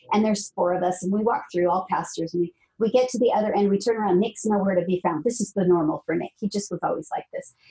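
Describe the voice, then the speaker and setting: A woman's voice: medium pitch, mellow, rough recording. A woman guest author telling a story in an earnest, emphatic way, often repeating her phrases. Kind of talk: conversational storytelling.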